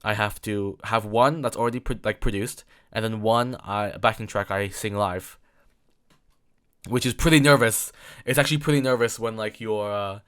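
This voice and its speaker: A man's voice: lowish voice, normal speed, a bit bright, clear, resonant tone. A young man in his late teens from England, talking alone in a rambling podcast, full of fillers and repeated words. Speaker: podcast host. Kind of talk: solo rambling chat.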